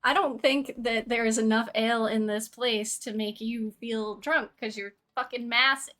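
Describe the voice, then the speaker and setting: A woman's voice: on the high side, steady tone, normal speed, bright, forceful tone. A woman playing a tabletop game, teasing the others in casual chat. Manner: teasing, laughs often. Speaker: player.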